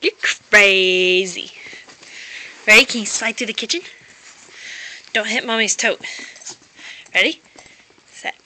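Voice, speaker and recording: Bright-voiced woman coaxing her dog. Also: fairly high pitch, measured pace, long pauses, breathy edge. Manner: coaxing, sing-song baby talk to a dog. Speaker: dog owner playing fetch. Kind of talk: playful talk to a pet dog. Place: home kitchen. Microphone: phone camera.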